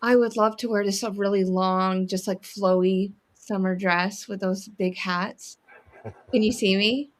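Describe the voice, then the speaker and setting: A woman's voice: medium pitch, steady tone, a little slow. Chatty enthusiastic woman. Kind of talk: casual chat.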